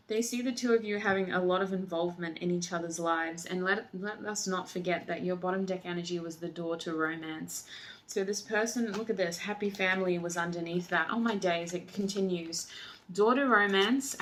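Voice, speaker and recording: A woman's voice: lowish voice, fairly bright tone, a little hiss or hum. A woman doing a tarot reading, talking effusively and emotionally, often exclaiming over the cards. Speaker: tarot reader. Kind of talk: tarot reading, channeled messages.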